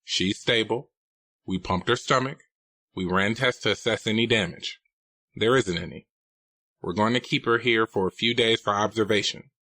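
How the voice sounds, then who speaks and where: A man's voice: fairly low pitch, moderate pace, bright, forceful tone, no echo. A man reading a novel aloud, voicing a hospital doctor who reports plainly on a patient. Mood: clinical. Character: matter-of-fact male hospital doctor.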